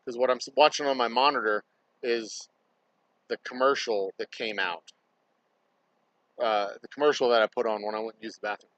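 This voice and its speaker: A man's voice: medium pitch, normal speed, pauses often, fairly bright tone, dry recording, dull audio. A man livestreaming casual chatter while he works, rambling and swearing freely. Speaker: distillery owner livestreaming. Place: indoors at a distillery workspace.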